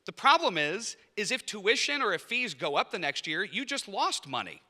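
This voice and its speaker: Man, professor type, casual funny presentation at a lunch, sharp forceful tone, echoing hall. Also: sits high. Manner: conversational and humorous, acts out quoted people. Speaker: professor leading a master's program. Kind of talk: informal presentation at a lunch event. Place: indoor event room at a lunch. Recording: reverberant hall sound.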